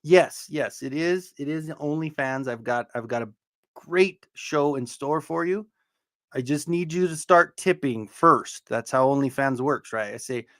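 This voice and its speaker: Guy doing a live stream, kinda high voice, loud and jokey, dry sound. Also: measured pace, dry recording. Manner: loud, joking, greets chat viewers by name. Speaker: livestream host. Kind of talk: casual livestream chat.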